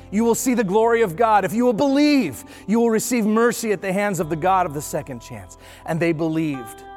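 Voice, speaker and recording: A pastor preaching a sermon, building intensity through repeated phrases and dropping low for emphasis. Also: male voice. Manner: preaching with rising intensity and repetition.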